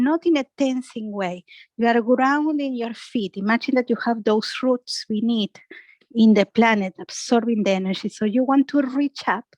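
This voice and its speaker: A woman guiding a yoga class with soft, slow cues and a frequent questioning "yeah?", speaking English as a second language. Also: on the high side, dry recording, rough recording. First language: Spanish. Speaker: yoga instructor.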